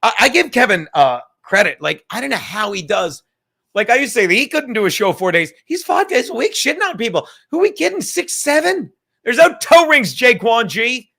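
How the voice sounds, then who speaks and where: A man's voice: extremely high pitch, very animated, fairly quick, creaky, bright, forceful tone. A tired man hosting a casual live stream from home, rambling and swearing, with joking asides to the chat. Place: home room.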